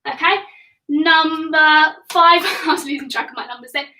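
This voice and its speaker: A woman's voice: high voice, moderate pace, pushed and bright, echoey room, recorded from a distance, slight background noise, poor audio. A young woman coaching a live home workout for children, upbeat and encouraging as she counts reps and gets a little out of breath. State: getting out of breath. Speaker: kids fitness coach. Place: home room.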